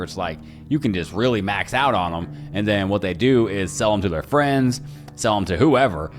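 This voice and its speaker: A young man with a lowish voice tells his childhood story in a loose, slangy way. He jumps up in pitch to act out the people he quotes. Faint guitar music plays under his voice. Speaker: podcast storyteller. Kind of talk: casual personal storytelling.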